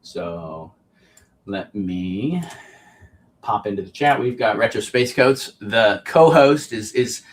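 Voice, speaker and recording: Relaxed low-voiced man hosting a livestream. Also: slow. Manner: relaxed, reads viewer comments aloud, frequent ums. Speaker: podcast host. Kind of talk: casual livestream chat.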